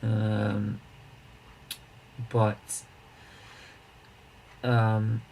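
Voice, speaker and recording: A man hosting a casual charity livestream, rambling and repeating himself, with bursts of excited emphasis. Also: on the low side, very slow, vocal fry, a little hiss or hum, rough recording.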